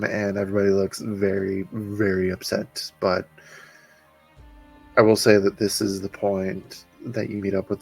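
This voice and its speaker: A man narrating as game master of a tabletop game, slow and halting as he describes the scene. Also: on the low side, vocal fry, poor audio.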